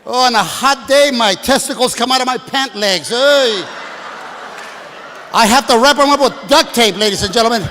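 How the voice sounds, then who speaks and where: A man in his sixties doing a stand-up comedy set, brashly working the crowd and shouting at the audience from a stage. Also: very high-pitched, moderate pace. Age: 60s. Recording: live hall with long reverb, faint room noise.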